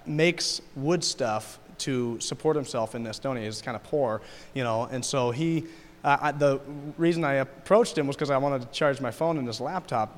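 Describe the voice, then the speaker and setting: Rambling man telling a story in a hall. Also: a little high. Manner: rambling, emotional, frequent restarts and laughs. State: tearful. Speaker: mission trip member. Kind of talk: casual testimony to a group. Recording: long hall reverb.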